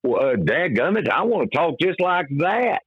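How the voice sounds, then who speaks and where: A man's voice: fairly high pitch, sing-song, moderate pace, slightly rough, no room sound, muffled recording, voice pushed up. A man voicing his younger self as a backwoods Kentucky kid with a broad twangy drawl. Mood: eager. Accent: rural Kentucky.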